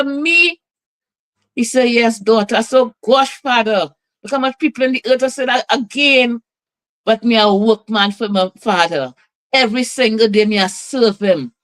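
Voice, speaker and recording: Woman preaching in a slow, rhythmic cadence. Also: a little high, fairly bright tone, rough recording. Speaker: radio host. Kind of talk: preaching on live broadcast.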